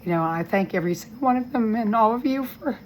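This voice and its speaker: A woman recording a personal update from a hospital room, talking in an earnest, rambling and halting way with a weak, strained voice that breaks with emotion. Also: a little high, lively intonation, slight background noise, poor audio. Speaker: vlogger giving a health update.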